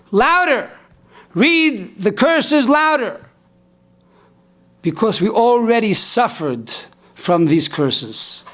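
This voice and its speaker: A rabbi delivers a sermon. He tells a story at a storyteller's pace, rising to ringing cries and slowing down for the solemn lines. He sounds middle-aged. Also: high voice, fairly bright tone. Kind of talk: sermon on the weekly Torah portion.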